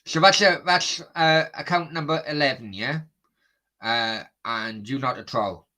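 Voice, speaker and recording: A man's voice: medium pitch, fairly even intonation, measured pace, bright, forceful tone. A man hosting a football watchalong stream, chatting bluntly and swearing as he answers his chat. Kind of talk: casual live-stream chat.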